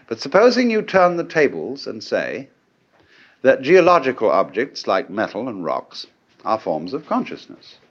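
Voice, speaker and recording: A middle-aged man lectures on philosophy in a musing, conversational way, his pitch rising and falling freely as he tosses out rhetorical questions. The sound is dull and lo-fi, like an old archival lecture tape. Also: huge pitch swings, unhurried, husky.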